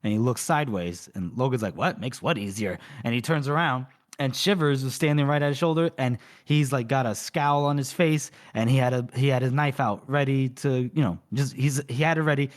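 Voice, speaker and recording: Casual podcast man retelling a story. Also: mid-range voice. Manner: rambling retelling with many fillers, acting out lines. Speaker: podcast co-host. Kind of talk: casual book recap.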